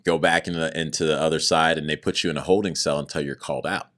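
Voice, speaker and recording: A man's voice: very deep voice, fast talker. A man recounting his own story as a podcast guest, earnest about his faith and acting out the words of others as he goes. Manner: animated, acts out other people's words in raised voices; earnest, religious testimony. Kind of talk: personal storytelling in conversation.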